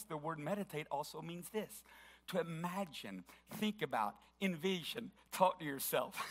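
A man's voice: high-pitched, pushed and bright. A middle-aged male pastor preaching a sermon, fervently declaring scripture aloud and sometimes chanting it.

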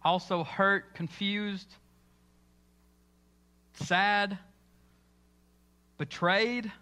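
Guy preaching in church, acts out the story, bright high voice. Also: fairly even intonation, drawn-out words, smooth. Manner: dramatic storytelling, acting out quoted lines. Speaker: pastor. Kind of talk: sermon.

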